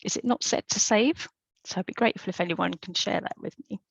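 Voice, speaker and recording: Woman presenter, gravelly, low-pitched, informal online talk, dry close sound. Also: brisk, dry recording, low-quality recording. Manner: informal, chatty, with fillers and restarts. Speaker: webinar presenter.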